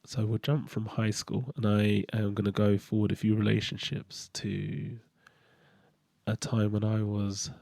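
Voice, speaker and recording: A man's voice: fairly low pitch, little pitch movement, unhurried, vocal fry, darkish tone, no room sound, clean studio sound. A middle-aged man speaking a candid, hesitant personal monologue as a podcast host, with fillers and restarts.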